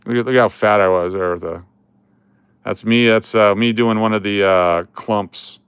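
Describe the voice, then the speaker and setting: A man's voice: on the low side, fairly even intonation, normal speed, clean tone, no room sound, clean studio sound. A middle-aged man hosting a casual vlog, rambling and joking as he talks through old photos. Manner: rambling and joking, with chuckles and trailing restarts. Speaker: coin collecting channel host.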